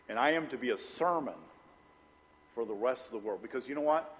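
A middle-aged man preaching a sermon as pastor, telling personal stories conversationally and dropping low and intense for emphasis. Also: expressive, a little fast. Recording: long hall reverb.

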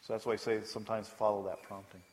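A man's voice: fairly low pitch, level tone, quick pace, big-room sound, slight background noise. A man preaching a sermon as pastor, speaking conversationally and with emphasis, often putting questions to the congregation.

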